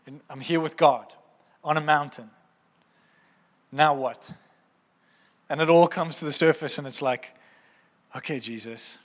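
A man preaches in a church hall with a long, ringing reverb, and his voice sits a little high. He talks in a conversational way and keeps asking the congregation whether they are following him. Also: steady tone, measured pace, pauses often. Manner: conversational, asks the crowd often. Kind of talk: sermon.

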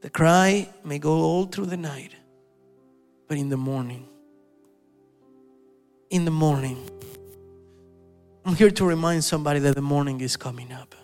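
A male preacher giving an animated sermon, telling stories and acting out the quotes. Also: on the high side, unhurried, long pauses, soft background music. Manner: animated, storytelling, with acted-out quotes.

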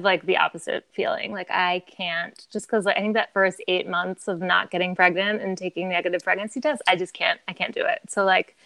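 A woman's voice: medium pitch, gravelly, a bit bright, dry recording. A woman in her thirties, a podcast guest telling her story in a candid, chatty way, filling her talk with "like" and laughing often.

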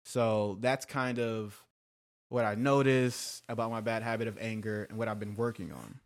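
A man's voice: lowish voice, normal speed. A young man hosting a casual podcast, talking candidly and confessionally, rambling with restarts. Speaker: podcast host.

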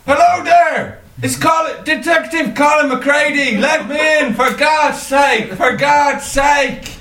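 A man voicing a frantic male detective who shouts to be let in. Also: takes it slowly, exaggerated voice. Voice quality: shouting, high-pitched. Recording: echoey room, mic at a distance.

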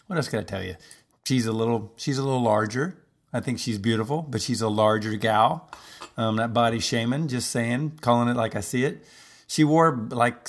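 A man hosting a podcast in a casual, rambling comedic monologue, full of fillers. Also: mid-range voice. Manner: rambling, chatty, lots of fillers. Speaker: podcast host.

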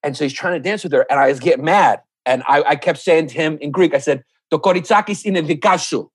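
A man's voice: fairly high pitch, fast talker, husky, dry recording. A man guest on a podcast, telling comic stories and ranting crudely in casual chat. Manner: animated, crude comedic rants. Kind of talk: comedic storytelling in casual chat.

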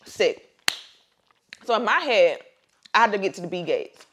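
Profane, animated woman telling a story. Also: mid-range voice, a little slow, a little hiss or hum. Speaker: podcast co-host. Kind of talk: casual chat, storytelling.

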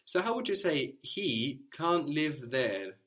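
A man's voice: a little high, sing-song, slow pace, a bit bright. Patient male language teacher. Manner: patient, encouraging, spells words out. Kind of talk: guided language lesson.

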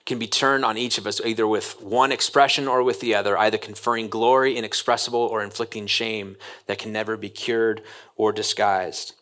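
A man's voice: fairly low pitch, a little fast. A man as pastor, preaching a sermon and reading longer quoted passages aloud to the congregation. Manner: reads passages aloud, then acts out excited children's voices.

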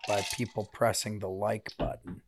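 A man who is a guest on a casual podcast. He lays out an argument in a measured, explanatory way. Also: lowish voice, level tone, slight background noise.

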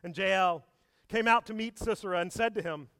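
A male pastor delivers a sermon with lively storytelling and frequent rhetorical questions. His voice sits high for a man. The sound is close and dry, with no room echo. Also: normal speed, creaky.

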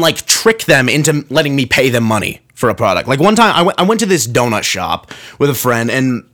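A young man talks through a solo comedic rant, his voice pitched a little high and leaping widely as he gets worked up. He rambles, restarts and drops into mocking voices for the people he quotes, sarcasm running through it all. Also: fairly bright tone. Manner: frequent restarts and fillers, building exasperation. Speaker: podcast host.

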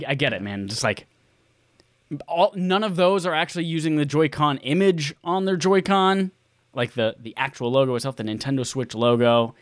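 A man's voice: mid-range voice, no echo, clean studio sound. A man co-hosting a casual podcast chat, playful and jokey. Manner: animated, playful, jokey asides. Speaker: podcast co-host.

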